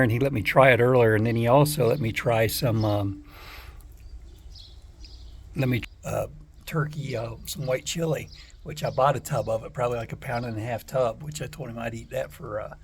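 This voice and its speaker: Man, casual travel vlog, halting and relaxed, outdoors on a porch, faint outdoor noise behind. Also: medium pitch. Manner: halting, relaxed, full of fillers. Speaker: travel vlogger on a bike trip.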